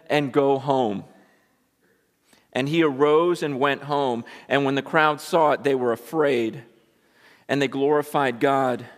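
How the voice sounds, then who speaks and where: A pastor with a fairly high, slightly bright voice preaches a live sermon in a church with an echoey hall. He's emphatic and fires off rhetorical questions to his congregation.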